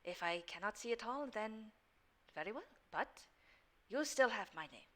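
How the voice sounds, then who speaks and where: A sly tawny lion speaks low and coaxing, almost whispering as it presses its bargain, as a woman puts it on. The voice stays soft and bright-toned, smooth and patient, full of quiet persuasion. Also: animated, moderate pace. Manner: soft, coaxing, hushed at times.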